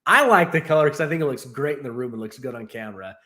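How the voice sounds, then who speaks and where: A man's voice: mid-range voice, animated, fast, pushed and bright. A man casually chatting on his livestream, rambling and laughing as he tells stories. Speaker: streamer and host. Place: new home in Texas.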